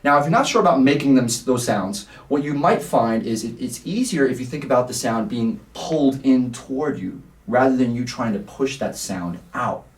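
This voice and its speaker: A man's voice: medium pitch, animated, normal speed, hardly any pauses. A man teaching a singing lesson, explaining vowels patiently and singing short vowel examples. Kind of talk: vocal lesson. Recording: roomy sound, mic at a distance.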